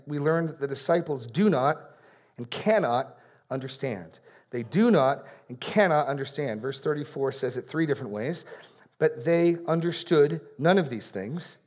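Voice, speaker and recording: An earnest preacher with a fairly high voice works through an expository sermon. Key phrases come back again and again for emphasis, and he grows quiet when the points turn solemn.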